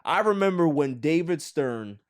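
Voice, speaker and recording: A man hosting a casual sports podcast, joking and theatrically pleading in an animated way. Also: on the high side, a little slow, no echo, clean studio sound. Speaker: podcast host.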